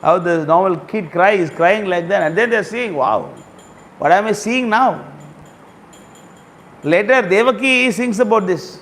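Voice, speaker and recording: A man giving a storytelling sermon, repeating phrases and slowly explaining words and verses. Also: high-pitched, a bit bright, slight background noise. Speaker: speaker at a temple gathering.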